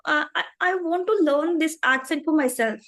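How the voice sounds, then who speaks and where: A woman's voice: high voice, moderate pace, fairly bright tone. A woman, talking earnestly in a practice conversation, with many fillers and restarts. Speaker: English practice partner.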